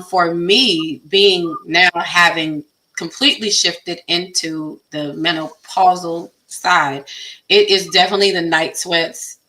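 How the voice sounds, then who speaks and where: A middle-aged woman on a panel, telling candid stories in an animated way, acting out her own inner voice and laughing at herself. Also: lowish voice, rough recording. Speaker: panel guest.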